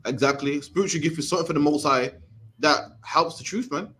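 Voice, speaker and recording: A man's voice: on the high side, brisk, a bit bright. A young man with a Birmingham accent teaching a scripture class in a streetwise, conversational way, often ending phrases with "man". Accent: Birmingham English.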